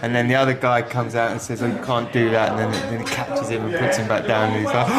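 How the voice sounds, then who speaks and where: A man in the middle of his pitch range, chatting casually as a co-host. He tells stories in a rambling, halting way, restarting his sentences often. A busy pub crowd chatters loudly behind him. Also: little pitch movement. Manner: rambling, stop-start storytelling with many restarts. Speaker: podcast co-host. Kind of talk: casual chat.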